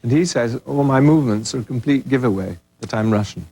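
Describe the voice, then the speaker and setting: A man's voice: medium pitch, fast, dark tone, breathy edge. An older man from England, an actor as a guest, chatting casually and self-deprecatingly with frequent chuckles. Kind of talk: casual interview chat.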